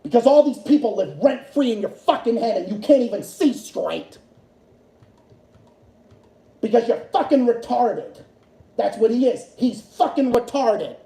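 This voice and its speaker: A man's voice: very high voice, expressive, a little slow, gravelly, pauses often, warm tone. A man hosting a livestream who rants in an angry, profane way, repeating himself over and over. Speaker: livestream host. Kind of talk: solo political rant stream. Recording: echoey room.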